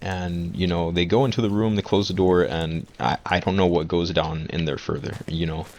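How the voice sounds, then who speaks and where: Young male vlogger, very low voice, rambling storytime with restarts, faint hiss behind. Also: steady tone, moderate pace, a little mellow. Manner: rambling, many restarts and fillers. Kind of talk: casual storytime.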